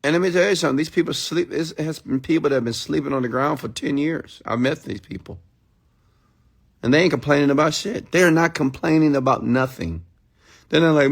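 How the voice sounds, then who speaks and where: A man's voice: fairly high pitch, fairly quick, creaky, slightly rough. A man delivering a motivational monologue, blunt and preachy, firing rhetorical questions at his listeners and swearing freely. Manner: emphatic, preachy, blunt with profanity. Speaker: motivational speaker.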